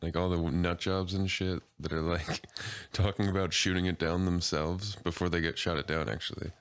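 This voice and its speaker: A man's voice: deep voice, little pitch movement, normal speed, fairly bright tone, no room sound. A young man co-hosting a casual podcast, laughing often and teasing crudely. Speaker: podcast co-host. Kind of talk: casual chat.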